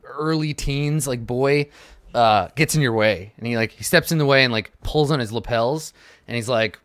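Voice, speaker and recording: A man's voice: mid-range voice, normal speed, a bit bright, dry recording, studio quality. A man narrating as game master of a tabletop game, rambling and hedging as he describes scenes.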